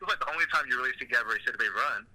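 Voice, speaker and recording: A man's voice: mid-range voice, very fast, a loud crowd, rough recording. A man hosting a podcast in casual chat, rambling with many fillers and laughing as he tells stories. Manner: rambling, full of "like" and restarts, laughing. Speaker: podcast host.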